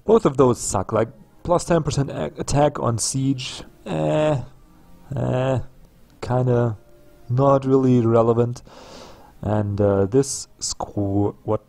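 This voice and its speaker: A man's voice: medium pitch, takes it slowly, vocal fry, warm tone. A man giving casual let's play commentary on a strategy game, musing aloud with frequent ums and restarts. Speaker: gameplay commentator.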